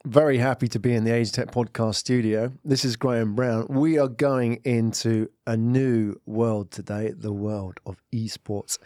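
A man's voice: medium pitch, steady tone, moderate pace, few pauses, darkish tone, dry recording. A man hosting a podcast in a studio, chatty and joking at his own expense. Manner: jokey, chatty, self-deprecating. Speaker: podcast host. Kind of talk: casual podcast interview.

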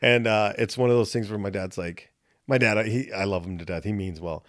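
A man, a former fighter, telling a long story on a podcast in a loose, profane, animated way. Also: lowish voice, brisk, no echo, clean studio sound. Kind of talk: casual storytelling chat.

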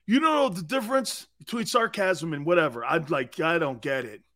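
A middle-aged man hosting a sports talk show, loud and boisterous, laughing often and mocking people in impressions. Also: a little high, expressive, fairly quick.

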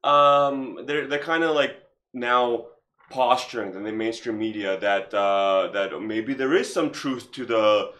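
A man's voice: medium pitch, slow pace, a bit bright. A man hosting a podcast in casual chat, rambling and profane with lots of fillers. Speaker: podcast host.

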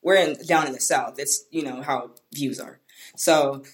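A young woman, a podcast guest, chatting casually in a flat, nonchalant tone and acting out her own comebacks as she tells stories. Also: very deep voice, unhurried. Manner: storytelling, acts out her own retorts; nonchalant, even tone.

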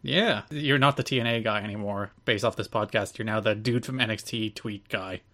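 A man's voice: fairly low pitch, fairly quick, bright, forceful tone. A young man co-hosting a podcast in casual banter, with a dry teasing wit and bits of mock outrage. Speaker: podcast co-host.

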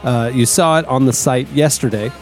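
A man's voice: mid-range voice, moderate pace, faint music behind. A man hosting a casual podcast. He talks loosely, stumbles, restarts and laughs between segments. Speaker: podcast host.

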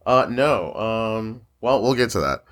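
Deep-voiced, lively male podcast host. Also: takes it slowly. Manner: laughs often, rambling with fillers. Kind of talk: casual chat.

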